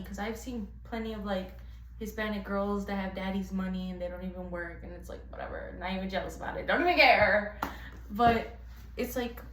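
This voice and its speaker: A woman's voice: mid-range voice, slight background noise. A young woman with a nasal voice rambling casually to her phone camera in a chatty, tangent-filled rant. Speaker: vlogger.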